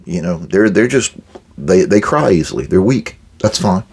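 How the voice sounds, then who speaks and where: Blunt older man, low husky voice. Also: expressive, moderate pace, darkish tone. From United States. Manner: blunt, direct, plainspoken; acts out quoted exchanges with workers. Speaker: podcast host giving management advice. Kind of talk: blunt advice monologue.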